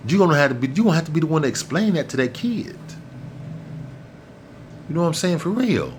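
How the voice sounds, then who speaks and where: A man's voice: fairly high pitch, expressive, fast talker, noisy background. Blunt, profane man ranting. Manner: blunt, profane and preachy, repeats himself for emphasis. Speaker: vlog host. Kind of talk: ranting monologue to camera.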